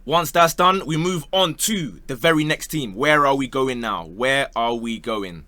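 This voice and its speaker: A man's voice: mid-range voice, lively intonation, a little slow, pushed and bright, dry recording. A young man doing playful, slangy football talk for his channel, slipping into joke voices. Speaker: football YouTuber.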